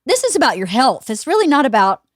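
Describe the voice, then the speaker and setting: A woman's voice: high-pitched, fast, dry recording, studio quality. A woman in her forties hosting a podcast, telling stories in a casual chat and laughing often. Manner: animated storytelling, laughs a lot. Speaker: podcast host.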